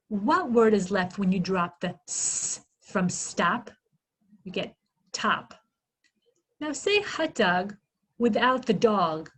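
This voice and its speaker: A woman giving a literacy workshop, sounding out phonemes slowly and asking questions she answers herself. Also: fairly high pitch, slightly rough, low-quality recording. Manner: slow, exaggerated sounding-out of phonemes; asks questions then answers them herself. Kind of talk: instructional presentation.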